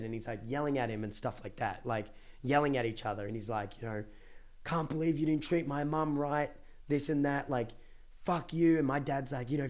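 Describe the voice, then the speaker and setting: A young man, a streamer casually telling a family story to his live chat, emphatic and repetitive, swearing freely. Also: medium pitch. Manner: animated, emphatic repetitions and dramatic pauses.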